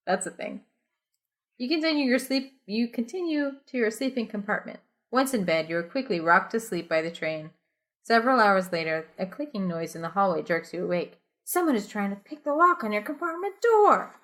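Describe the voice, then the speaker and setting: A woman co-host reads an adventure story aloud in a loose, chatty way. Her voice sits at an ordinary middle pitch, and her playful delivery keeps tipping into giggles. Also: sing-song, normal speed, fairly bright tone. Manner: giggly, playful, breaks into laughter mid-sentence. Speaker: podcast co-host reading a choose-your-own-adventure story. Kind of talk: casual read-aloud narration.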